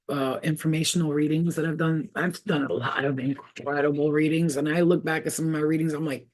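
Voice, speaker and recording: A middle-aged woman chats through a spiritual card reading. She is animated and full of slang, and she laughs often as she talks. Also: sits low. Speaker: tarot reader. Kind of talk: casual spiritual reading chat.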